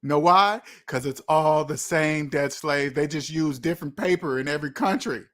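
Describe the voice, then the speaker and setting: A man hosting a livestream, answering viewers' comments in an emphatic way, slowing down to stress his points. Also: fairly high pitch, fairly bright tone. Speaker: livestream host. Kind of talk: live chat reading comments.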